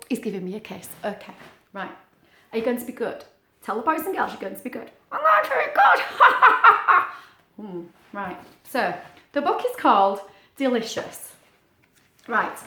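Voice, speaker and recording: A woman reads a picture book aloud for small children, her pitch leaping and swooping as she chats playfully with a puppet between pages. Her voice sits a little on the high side, and the recording has an echoey, roomy sound. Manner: animated, playful, sing-song, talks to the puppet. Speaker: teacher reading to young children. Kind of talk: storytime read-aloud with a puppet.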